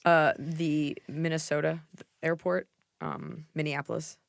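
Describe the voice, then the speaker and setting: A middle-aged woman hosting a podcast, giving blunt, jokey advice in a casual, animated way. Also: deep voice, unhurried, vocal fry, no room sound, studio quality. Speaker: podcast host.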